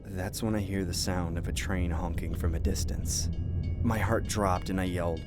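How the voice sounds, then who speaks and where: A man narrating a first-person horror story in a measured, scripted way. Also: deep voice, steady tone, music in the background. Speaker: narrator and voice actor.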